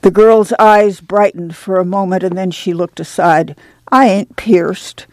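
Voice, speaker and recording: A woman with a voice on the low side narrates an audiobook, telling the story in a measured, even manner. The recording is dry.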